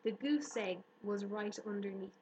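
A woman reads a storybook aloud in a steady, even manner. Her voice rings slightly in the room, with a faint hiss underneath. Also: medium pitch, normal speed, roomy sound, rough recording. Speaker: narrator. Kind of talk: audiobook reading.

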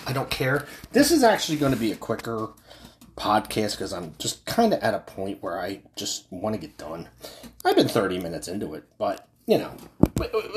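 A man's voice: on the low side, a bit bright. A middle-aged man hosting a solo podcast, ranting in a profane, rambling way with frequent restarts. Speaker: podcast host.

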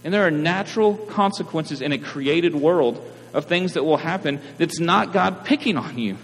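Pastor, male, casual conversational sermon style, slightly high voice, echoing hall with a low mains hum. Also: expressive, measured pace. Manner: conversational preaching with frequent "right?" asides.

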